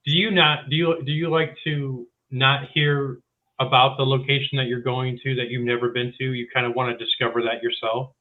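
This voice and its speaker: A man at a middle pitch asks questions as interview host, his voice thin and narrow as if heard over a phone line. He fills the pauses with quick words of agreement. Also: level tone. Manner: frequent short affirmations. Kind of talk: casual interview. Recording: tinny phone-line sound.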